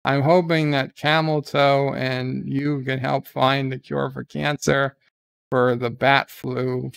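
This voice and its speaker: A man's voice: mid-range voice, creaky, clear, resonant tone. A man doing a comic impression of a forgetful elderly politician who rambles and keeps losing his words.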